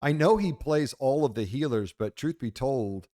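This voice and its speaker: A man's voice: medium pitch, expressive, moderate pace, mellow. A man hosting a casual game commentary video, brash and profane, slipping into mock-preachy pronouncements. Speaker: host.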